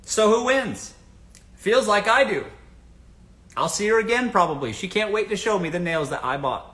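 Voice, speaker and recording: A man's voice: sits high, lively intonation, moderate pace, pushed and bright. A man from the American South hosting a casual livestream, giving blunt dating advice, swearing freely and asking the audience rhetorical questions.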